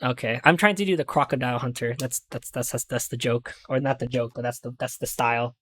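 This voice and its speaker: A woman's voice: extremely low pitch, quick pace, a bit bright. A woman streaming a courtroom game, chatting casually, laughing, swearing and stumbling over her words. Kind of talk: casual let's-play commentary.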